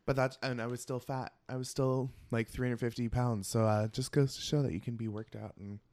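A man hosting a casual podcast chat, campy and animated, telling stories with lots of laughter while eating. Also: medium pitch, brisk. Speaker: podcast host. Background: eating while talking.

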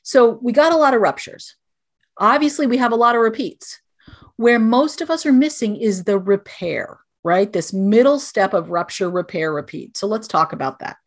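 A woman's voice: a little high, animated, moderate pace. A middle-aged woman, a guest on a podcast, gives parenting advice in an earnest, direct, explanatory way.

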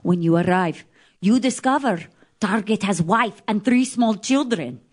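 A brassy Russian game-show hostess. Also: female voice, medium pitch, lively intonation, slightly rough. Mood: deadpan. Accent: put-on Russian. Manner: broken English, theatrical, drawn-out. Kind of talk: comedy sketch.

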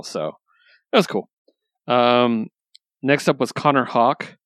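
A man's voice: medium pitch, fairly quick, fairly bright tone, no room sound. A man hosting a casual talk, recapping stories with enthusiasm and plenty of ums and likes. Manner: enthusiastic, lots of fillers. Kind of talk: casual chat.

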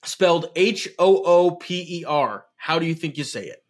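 A man from Nebraska with a fairly high voice, trading easy banter as a podcast co-host. He talks in a loose, joking way and often makes fun of himself. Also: animated, normal speed. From Nebraska, USA. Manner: joking, self-deprecating. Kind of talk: casual basketball podcast chat.

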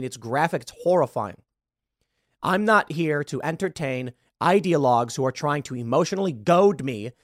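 A man in his thirties delivers political commentary as a podcast host, heated and emphatic. His pitch swings widely and sits fairly high for a man. The sound is close and dry. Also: no echo. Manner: heated, emphatic, repeats words when worked up.

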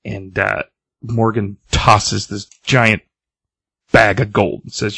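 Slow and fairly low-pitched, his creaky, husky voice carries a lively recap of a comic on a comics podcast. He loosely reads out the characters' lines as he retells the story in casual chat, with no room sound.

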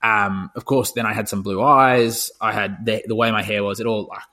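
A man's voice: fairly low pitch, fairly even intonation, normal speed, sharp tone. A young man co-hosting a podcast, chatting casually in a rambling way, swearing freely and full of fillers and restarts. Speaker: podcast co-host. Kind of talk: casual chat.

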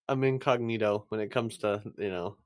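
A man's voice: fairly low pitch, measured pace. A young man from Vermont co-hosting a podcast, playful and laughing often in casual chat.

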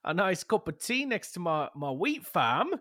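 A man playing an outraged old male wheat farmer, shrill and indignant. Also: big pitch swings, a little slow, bright, forceful tone, dry recording, studio quality, full character voice.

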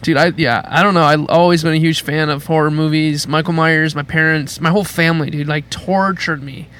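A man from Buffalo, New York, in casual chat. He laughs often and does squeaky impressions. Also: fairly even intonation, a little fast, a bit bright.

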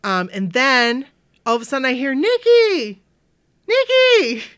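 A fairly high-voiced woman from Maine tells a long story in an easy, chatty way. She jumps into the voices of the people she quotes. The sound is close and dry, with no room around it. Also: fairly quick, clean tone, no room sound. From Maine, USA. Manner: animated, acts out quoted voices, many "like" fillers. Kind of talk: casual chat, storytelling.

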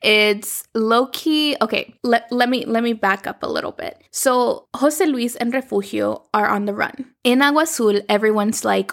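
A woman hosting a podcast, casually recapping a telenovela in a chatty, animated way, acting out lines as she goes. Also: on the high side, moderate pace. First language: Spanish. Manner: chatty, animated, acts out characters' lines in quotes.

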